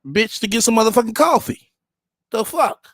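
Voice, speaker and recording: A man's voice: very high voice, animated, normal speed, fairly bright tone, no echo, studio quality. A man giving profane, mocking reaction commentary on a clip, talking back to it with sarcasm. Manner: sarcastic, mocking, heavy swearing.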